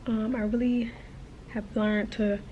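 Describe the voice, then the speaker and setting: Emotional mellow-voiced woman vlogging at 30. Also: fairly high pitch, flat delivery, measured pace, dull audio, a little hiss or hum. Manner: emotional, gushing, chatty with many fillers. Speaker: travel vlogger. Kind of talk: casual vlog talk to camera.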